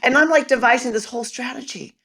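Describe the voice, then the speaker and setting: A woman guest, a mom coach, telling stories in an animated, dramatic way during a casual interview. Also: high-pitched, fast.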